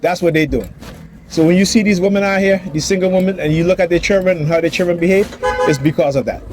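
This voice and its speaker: Agitated man ranting outdoors, fairly high voice. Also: quick pace, music in the background. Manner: agitated, repetitive, acts out quoted dialogue. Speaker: father vlogger. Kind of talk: ranting personal vlog. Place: outdoors near a building and street traffic.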